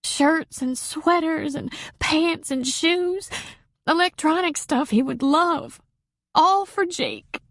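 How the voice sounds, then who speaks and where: A woman voicing a grieving young widow who is crying, her voice shaky and high. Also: a little slow, creaky, breathy edge, no echo, clean studio sound. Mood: tearful. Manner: sniffling, shaky, high and breaking.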